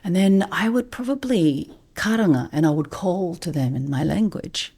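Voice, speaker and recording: A middle-aged woman, a guest on a podcast and a vocalist, telling a story in a soft, hushed, often breathy way. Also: on the low side, moderate pace. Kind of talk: reflective storytelling.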